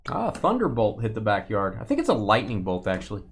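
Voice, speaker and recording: A man hosting a live sports card break, reading out names and teams in quick bursts and joking with viewers. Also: lowish voice, huge pitch swings, slight background noise.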